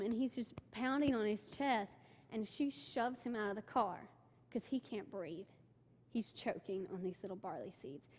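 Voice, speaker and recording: Chatty young woman in a reverberant church. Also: on the high side. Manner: excitable storytelling, many "like" fillers. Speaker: church member giving a mission trip report. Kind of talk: informal talk with slides. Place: church sanctuary. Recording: long hall reverb.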